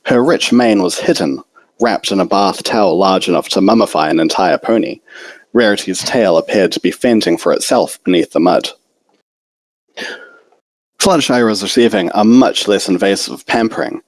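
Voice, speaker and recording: A man with a fairly low voice reads a fan-written story aloud in a single unedited take. He stumbles over the odd word, restarts the phrase, and tosses in casual asides. The recording is dry and close, with no room sound. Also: normal speed, dry recording, rough recording. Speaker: fanfiction reader.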